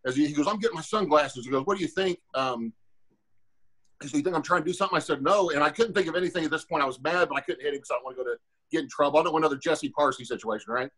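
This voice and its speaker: A little high and very fast, with a breathy edge, the forties-aged former fighter rambles through a crude story on his podcast. He's animated and acts out what others said, and the recording sounds rough.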